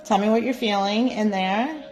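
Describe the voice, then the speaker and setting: A woman teaching a live psychic development class, guiding listeners gently and often checking in with "right?". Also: medium pitch, moderate pace, soft background music. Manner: gentle, coaxing, repeats "right?". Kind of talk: guided live class instruction.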